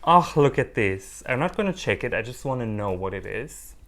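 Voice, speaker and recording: A man in the middle of a casual unboxing vlog, talking at an everyday middle pitch. He is lively and playful, often joking at his own expense as he chats. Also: normal speed. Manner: animated, playful and self-mocking. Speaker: orchid hobbyist vlogger.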